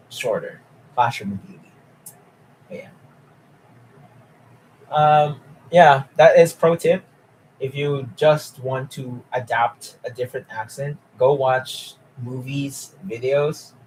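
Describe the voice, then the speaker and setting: Young male streamer, mid-range voice, relaxed and chatty, faint room hum behind him. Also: medium pitch, poor audio. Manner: chatty, often laughing, reads chat aloud. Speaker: live streamer. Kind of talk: casual live-stream chat.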